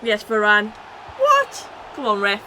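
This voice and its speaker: A woman livestreaming a football video game, chatting with her viewers and shouting at the match as it plays out. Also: on the high side, brisk, very noisy. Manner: excitable, shouts at the game, then chats casually. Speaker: gaming streamer. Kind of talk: live game commentary and chat reading.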